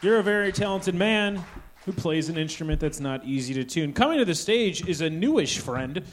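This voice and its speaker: A man's voice: on the high side, lively intonation, normal speed, faint music behind. A man hosting a comedy show who introduces the next comic to the stage and hypes up the crowd in an upbeat way. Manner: upbeat, hyping up the guest. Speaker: show host.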